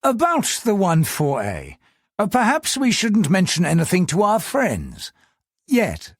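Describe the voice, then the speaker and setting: A man's voice: high voice, wildly swooping pitch, unhurried, no room sound, clean studio sound, pitched above the performer's own voice, heavily acted. A man voicing an older British colonial governor, clipped and upper-class, drifting into wistful brooding. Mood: formal.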